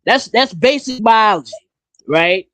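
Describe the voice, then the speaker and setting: A man hosting a casual podcast chat, talking bluntly and in an animated way, his pitch jumping up when he gets riled. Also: unhurried, no echo. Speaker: podcast host.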